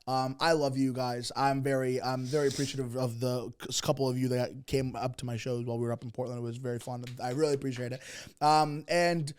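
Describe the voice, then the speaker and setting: A young man co-hosting a comedy podcast, full of crude banter and quick jokes. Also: mid-range voice, level tone, smooth. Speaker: podcast co-host. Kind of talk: casual comedic chat.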